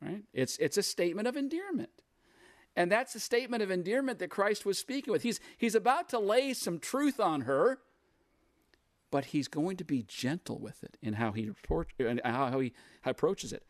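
A man's voice: a little high, lively intonation, moderate pace, no echo, clean studio sound. A man preaching a sermon, walking through a Bible passage in a conversational, repetitive teaching manner.

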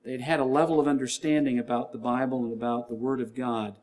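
Earnest male preacher, even pitch. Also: quick pace. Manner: earnest, repeats key lines and scripture references; acts out shouting gym trainers with a louder voice. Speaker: pastor. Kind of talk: sermon.

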